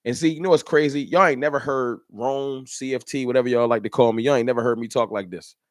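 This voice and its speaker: A man's voice: medium pitch, fairly even intonation, quick pace, no room sound, clean studio sound. A man hosting a fan channel livestream, ranting in an emphatic, repetitive, slangy way. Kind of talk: livestream rant.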